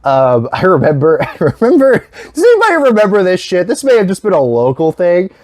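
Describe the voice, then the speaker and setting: A man's voice: sits high, huge pitch swings, a little fast, a little mellow, no echo. A man in his twenties rambling casually through a movie vlog, swearing often and breaking into laughter. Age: 20s. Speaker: YouTube host.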